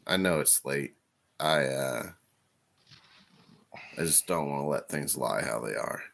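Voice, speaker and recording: A man playing his character, a weary young investigator who speaks hesitantly and softly. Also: rumbling low, unhurried, gravelly, voice pushed down, exaggerated voice. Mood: subdued. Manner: hesitant, soft-spoken. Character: young adult male investigator, weary, earnest.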